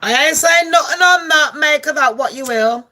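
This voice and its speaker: A woman's voice: high-pitched, normal speed, sharp tone. A woman giving comic gossip commentary as a vlogger, brash, profane and sarcastic.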